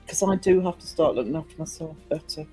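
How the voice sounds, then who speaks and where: Chatty man with a high voice. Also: fast talker, music in the background. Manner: rambling, chatty, with frequent ums and restarts. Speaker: livestream host and small publisher. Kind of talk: casual livestream chat, answering viewer comments.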